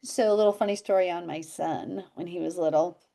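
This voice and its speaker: A woman's voice: lowish voice, a little fast, creaky, dark tone. Chatty woman on a video call. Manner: chatty storyteller, laughs often. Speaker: health teacher. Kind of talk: casual video-call chat.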